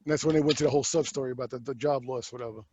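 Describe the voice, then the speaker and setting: A man co-hosting a movie podcast in casual chat, animated, acting out scenes in voices and swearing casually. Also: mid-range voice, very fast, breathy edge, no room sound. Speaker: podcast host.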